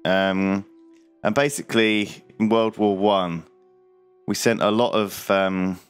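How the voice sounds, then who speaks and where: Low-voiced rambling gamer. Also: male voice, steady tone, slow, clear, resonant tone, soft background music. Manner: rambling, joking, lots of fillers. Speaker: let's play gamer. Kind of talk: casual gaming banter.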